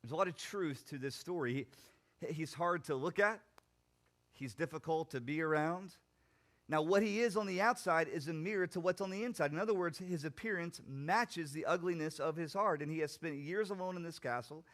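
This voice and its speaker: Animated young male pastor preaching. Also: on the high side, moderate pace. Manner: animated preaching, rising loud then dropping quiet. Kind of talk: sermon.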